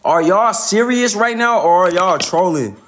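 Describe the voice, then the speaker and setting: A man's voice: high-pitched, animated, unhurried, fairly bright tone. A man ranting casually on a livestream, profane and laughing often.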